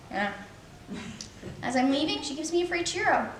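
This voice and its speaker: A woman's voice: high-pitched, a little hiss or hum, heavily acted. A woman playing BoJack, a bitter washed-up male horse. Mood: exasperated. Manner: sardonic, dark-humoured, self-deprecating. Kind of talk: stage monologue, eulogy. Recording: roomy echo.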